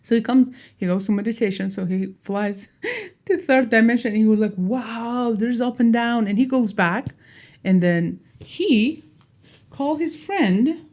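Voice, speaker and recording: Animated woman explaining with a mellow voice. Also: mid-range voice, measured pace. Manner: animated, acts out little dialogues, laughs at herself. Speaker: teacher. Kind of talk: casual explanatory talk.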